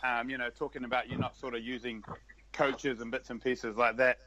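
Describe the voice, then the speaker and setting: A man's voice: mid-range voice, level tone, brisk, pushed and bright, dry recording, rough recording. A man hosting a podcast, telling a story to his guest in a friendly, chatty way. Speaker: podcast host. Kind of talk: casual chat.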